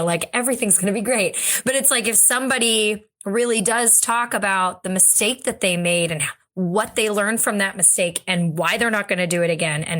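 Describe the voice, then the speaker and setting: A woman's voice: mid-range voice, fairly bright tone. A woman co-hosting a podcast, talking thoughtfully and thinking aloud with restarts. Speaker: podcast co-host. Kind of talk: casual conversational discussion.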